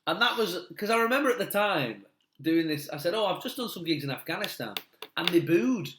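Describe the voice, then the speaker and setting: A middle-aged comedian with a Mancunian accent chats casually, rambling through self-deprecating anecdotes and laughing as he tells them. His high-pitched voice has lively intonation, a fairly bright tone and a slightly fast pace, recorded with roomy echo.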